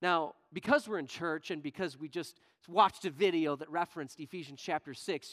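A male pastor preaching a sermon in church, shifting from loud, emphatic questions to quiet, low asides. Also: moderate pace, hardly any pauses. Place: church sanctuary.

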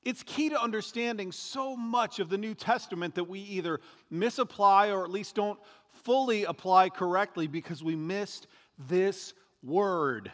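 A man preaching a sermon as pastor, conversational and joking, with animated emphasis. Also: high-pitched, a little slow, few pauses. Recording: long hall reverb.

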